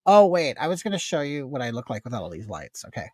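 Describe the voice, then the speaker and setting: A man's voice: mid-range voice, huge pitch swings, fast talker, dry recording. Chatty man in his fifties, dry sound. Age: 50s. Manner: chatty and rambling, reading viewer comments aloud. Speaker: makeup livestream host. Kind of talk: casual livestream chat.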